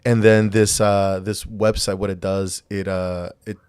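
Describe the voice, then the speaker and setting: A man's voice: lowish voice, little pitch movement, measured pace, darkish tone, smooth, no echo. A man co-hosting a casual podcast, rambling with many restarts and acting out quoted dialogue. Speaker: podcast co-host.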